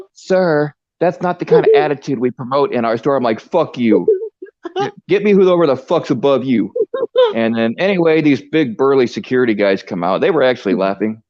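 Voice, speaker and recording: A man's voice: mid-range voice, darkish tone, no room sound. A man rants through a crude story, swearing constantly and rambling in his everyday tone. The sound is dull and lo-fi, a dry stream recording. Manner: profane, rambling rant.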